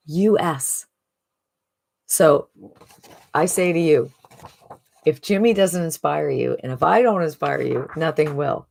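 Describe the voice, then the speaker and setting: Woman, low voice, motivational sales pitch, upbeat, keeps saying "right?". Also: vocal fry, darkish tone. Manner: upbeat, repeats "right?" often. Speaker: online marketing promoter. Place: streaming live from a phone.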